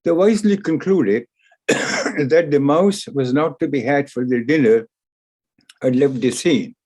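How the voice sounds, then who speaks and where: Mellow-voiced man telling an epic tale. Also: medium pitch. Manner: deliberate, repeats phrases for emphasis. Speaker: lecturer on scripture. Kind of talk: storytelling discourse.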